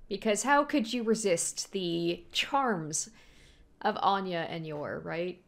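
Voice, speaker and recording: A woman's voice: on the low side, slow, creaky. A young woman hosting an anime reaction video, talking casually and gushing often as she reacts. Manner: animated, gushing, laughs often.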